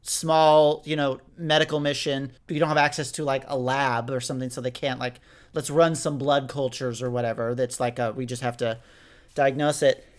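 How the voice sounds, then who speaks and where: A man's voice: mid-range voice, flat delivery, moderate pace. A young man co-hosting a podcast, rambling through a story recap with lots of restarts. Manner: rambling, frequent restarts and fillers. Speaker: podcast co-host. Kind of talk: casual chat reviewing an audio drama.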